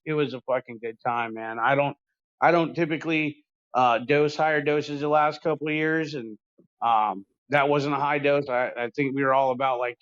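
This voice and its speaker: A man's voice: medium pitch, a bit bright, muffled recording. A man hosting a podcast, telling a long story in a rambling, laid-back and foul-mouthed way. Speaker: podcast host. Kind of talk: casual storytelling chat.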